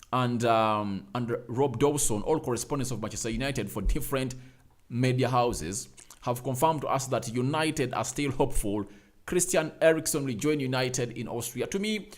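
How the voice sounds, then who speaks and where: Hyped man hosting a football live stream. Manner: hyped, repeatedly urging viewers to like; energetic, swings loud and high. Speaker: football channel host. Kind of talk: live-stream transfer news chat.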